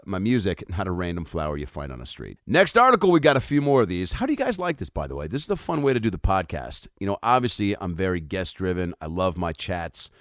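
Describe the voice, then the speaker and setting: Male comic podcast host, low voice, very animated delivery, riffing casually over articles. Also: no echo, clean studio sound. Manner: joking, loose, swearing, lots of fillers and asides.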